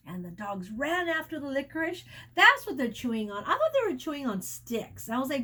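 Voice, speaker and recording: A woman teacher reading a picture book aloud to children, pausing often to explain words and adding sound effects and asides. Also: high-pitched, big pitch swings, pushed and bright.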